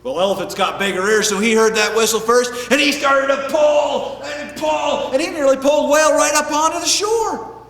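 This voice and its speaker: A man telling an animal folk tale to an audience in a lively, playful way. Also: very high-pitched, moderate pace, gravelly, slight background noise. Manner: lively, playful, shifting voices for characters. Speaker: storyteller. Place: festival stage. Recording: echoey hall, mic at a distance.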